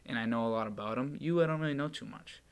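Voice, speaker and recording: A young man hosting a casual podcast chat, animated and joking as he tells stories. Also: mid-range voice, fast talker, creaky, clean tone. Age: young adult. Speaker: podcast host.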